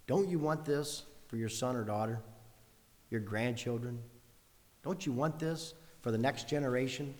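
A man's voice: mid-range voice, moderate pace, a little mellow, big-room sound. A man preaching a sermon in an earnest way, building long lists with rising emphasis.

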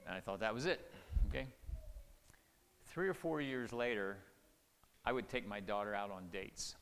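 A middle-aged man preaching, telling family stories in an earnest, folksy way and going soft and quiet when quoting his own words. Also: on the low side, moderate pace, smooth. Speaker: pastor or marriage speaker. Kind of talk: sermon with personal stories. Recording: reverberant hall, faint noise.

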